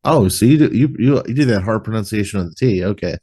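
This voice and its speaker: Here is a man with a fairly low voice hosting a relaxed podcast conversation. He rambles loosely and leans on "like" as he talks. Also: quick pace, breathy edge. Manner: rambling, with many "like" fillers. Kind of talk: casual podcast chat.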